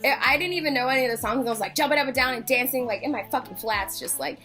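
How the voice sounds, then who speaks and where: A young woman tells a rambling concert story straight to her vlog camera. She sits high in her register, chatty and loose with her swearing. Faint music plays quietly in the background. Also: racing. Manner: chatty, swears freely, acts out quotes, laughs. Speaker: concert vlogger.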